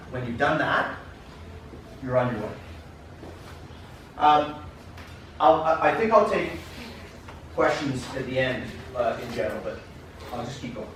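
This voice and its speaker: A man from Canada gives a keynote talk to coaches, telling stories from his career. He is heard from a distance, in a very echoey conference room with steady background noise. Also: mid-range voice, unhurried, long pauses. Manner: storytelling, acts out dialogue, addresses audience directly. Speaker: keynote speaker, soccer coach. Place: conference classroom.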